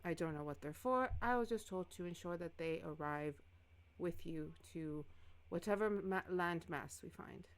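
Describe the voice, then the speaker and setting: A woman's voice: lowish voice, normal speed, lightly acted. A woman voicing a curt, formal female ship captain who answers defensively. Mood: stiff.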